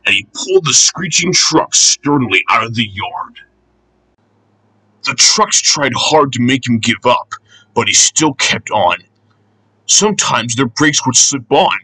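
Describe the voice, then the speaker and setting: A man reading a children's storybook aloud, with expressive, lively narration. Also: medium pitch, a little slow, husky, low-quality recording.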